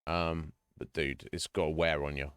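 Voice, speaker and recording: A man with a low, deep voice talks earnestly to his stream chat, rambling and restarting his sentences as he goes. The sound is dry and close, with no room echo. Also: little pitch movement, moderate pace, a bit bright, clean tone. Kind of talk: casual chat.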